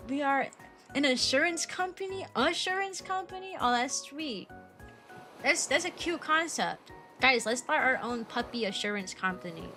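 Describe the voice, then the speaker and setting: A woman's voice: high-pitched, animated, measured pace, bright, forceful tone. A young adult woman streaming as a VTuber, rambling through casual chat with giggles and self-deprecating jokes. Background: background music.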